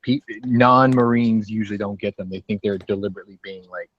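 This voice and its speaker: Blunt low-voiced man on a dull mic. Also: steady tone, a little fast. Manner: blunt, profane, chatty. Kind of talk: casual online chat.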